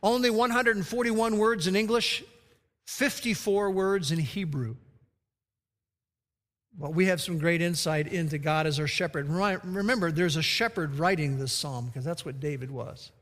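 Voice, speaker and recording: High-voiced preacher in a reverberant hall. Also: male voice, normal speed, a bit bright. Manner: storytelling, then emphatic scripture reading. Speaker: pastor. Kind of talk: sermon.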